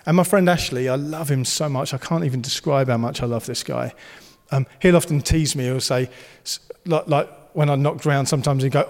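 A man's voice: mid-range voice, moderate pace, in a large hall. A man preaching a sermon, earnest and encouraging, and he slips into playful banter. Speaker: pastor.

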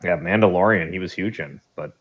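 Co-host in his late thirties, easygoing, quick to laugh, slightly low pitch. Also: fairly bright tone, breathy edge. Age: 30s. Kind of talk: casual chat.

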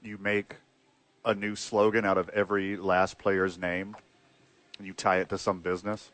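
A man's voice: low-pitched, level tone, normal speed, a bit bright, no room sound. A man co-hosting a casual sports chat, tossing off wry, playful one-liners. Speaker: podcast co-host.

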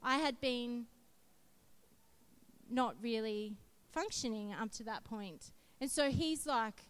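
A woman's voice: a little high, slow, a bit bright, smooth. A woman, preaching a sermon and telling a personal testimony in an earnest, emphatic way.

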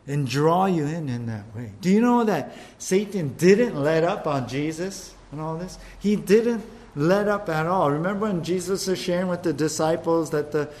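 An animated male preacher delivers a sermon in a conversational manner. He often checks in with his listeners through tag questions. His voice sits noticeably high for a man. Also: normal speed, hardly any pauses.

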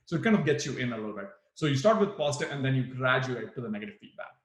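A man's voice: medium pitch, big pitch swings, very fast, reverberant. A man teaching a workshop for new managers, acting out example replies with big swings in his voice. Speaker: management trainer. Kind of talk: live workshop talk on management.

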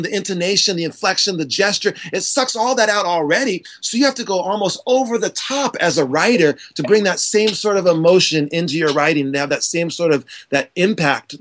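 A man speaks with fierce conviction, leaning hard on his key points. His voice sits a little high for a man. He gestures as he talks, and it carries into his delivery. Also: a bit bright. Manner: passionate, emphatic, gesturing while talking. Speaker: guest, author and speaker on teaching. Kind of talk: animated podcast conversation.

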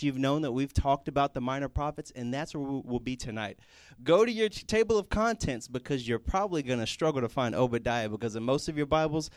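A man's voice: on the high side, no echo. A young man preaching casually to a group, telling family stories and acting out the voices of the people in them. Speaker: youth pastor.

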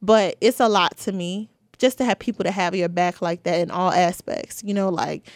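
A woman's voice: lowish voice, steady tone, normal speed, no room sound. A young woman, hosting a podcast and talking through personal stories in a casual, heartfelt way. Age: 20s. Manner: chatty, heartfelt, with many fillers. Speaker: podcast host.

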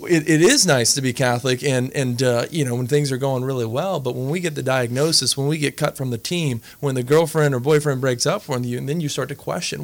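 A man's voice: mid-range voice, a little fast, creaky, hardly any pauses. A man, a Catholic priest, talking earnestly about faith and retelling scripture. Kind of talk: conversational faith talk.

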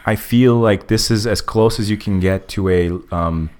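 Male podcast host, lower voice, loose and opinionated, casual chat. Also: normal speed, darkish tone, clean tone. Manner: opinionated, with many restarts and profanity.

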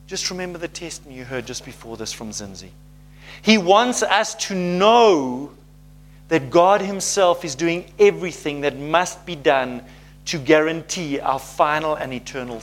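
A man preaching a sermon, animated and conversational, often checking in with his listeners. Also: mid-range voice, slight background noise. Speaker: pastor.

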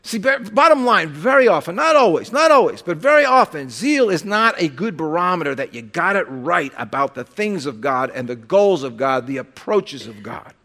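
A man preaching a sermon as pastor, conversational and animated, with sudden loud bursts and quiet drops. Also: on the high side, normal speed, few pauses.

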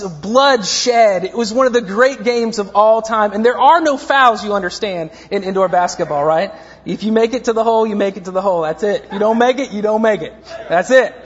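A man in his thirties preaching a sermon, telling a story with humorous, self-mocking asides. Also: sits high. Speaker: pastor. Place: church sanctuary. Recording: echoey dull lo-fi church recording.

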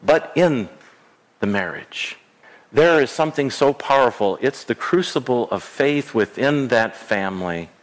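A middle-aged man preaching a sermon as a pastor, earnest, repeating phrases and restarting words as he goes. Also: medium pitch. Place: church sanctuary. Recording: long church reverb.

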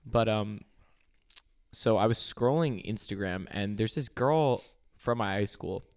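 A man's voice: lowish voice, a little slow. A young man co-hosting a podcast in casual chat, rambling with fillers and restarts. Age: young adult. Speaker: podcast co-host.

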